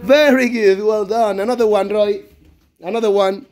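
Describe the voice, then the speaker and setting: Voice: medium pitch, fairly even intonation, normal speed, a little mellow. A primary school teacher running an animal-word game in a classroom, praising and directing the children. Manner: encouraging, praising each child.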